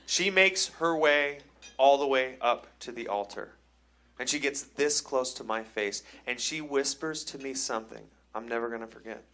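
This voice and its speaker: A man from Cleveland, Ohio, doing a live stand-up set on a comedy club stage, telling wry, self-deprecating stories that build into excited rants. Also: medium pitch, moderate pace. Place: comedy club stage before a laughing audience.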